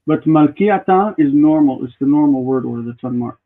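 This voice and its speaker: A man's voice: fairly high pitch, brisk. A man teaching classical Hebrew grammar in a live online class, explaining at length and thinking aloud with restarts. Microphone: video call. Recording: tinny phone-like call audio.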